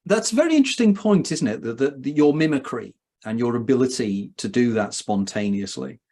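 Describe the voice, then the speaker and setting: A man's voice: medium pitch, expressive, a little fast, mellow. A man in casual conversation, asking his guest curious follow-up questions. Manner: inquisitive, prompting questions. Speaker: co-host, author.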